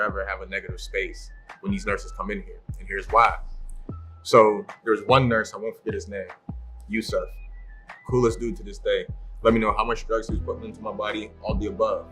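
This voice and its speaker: A man as a podcast guest telling a story in a casual way, acting out what others said and laughing often. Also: fairly low pitch. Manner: animated, acts out the voices of people in his story.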